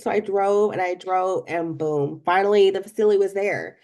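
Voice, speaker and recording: Young woman podcaster telling a story, mellow and kinda gravelly, chatty and animated. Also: medium pitch, brisk. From not from Florida. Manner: animated storytelling, addresses listeners as guys. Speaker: podcast host. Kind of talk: casual advice talk.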